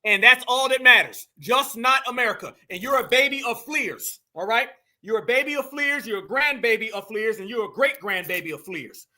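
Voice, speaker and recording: Very high, bright-voiced man mocking. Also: animated, normal speed, hardly any pauses. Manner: mocking, emphatic, addresses viewers as family. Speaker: commentary host. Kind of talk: heated reaction commentary.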